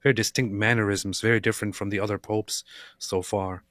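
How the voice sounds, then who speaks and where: A man's voice: on the low side, fairly even intonation, a little fast, a bit bright, no echo, clean studio sound. A man co-hosting a show, chatting casually and hesitantly with many fillers. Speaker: co-host. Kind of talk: casual chat.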